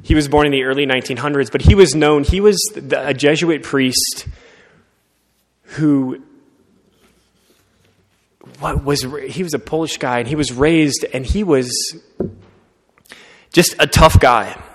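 A man preaching a sermon, telling a story in an earnest, conversational way and often dropping to a soft voice. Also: fairly high pitch, unhurried, long pauses. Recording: long reverb of a large hall.

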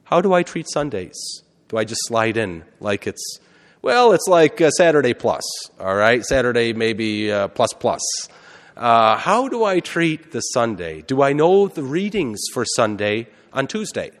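A man's voice: medium pitch, big pitch swings, unhurried. A man, a priest, giving a conversational sermon and often asking the congregation questions. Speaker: Catholic priest. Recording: long hall reverb.

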